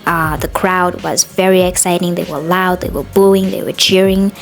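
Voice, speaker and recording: A woman hosting a podcast, recapping a show in a casual, opinionated way, often pausing on "uh" and "um". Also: lowish voice, fairly even intonation, gravelly. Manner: chatty and opinionated, with frequent "uh" and "um". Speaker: podcast host.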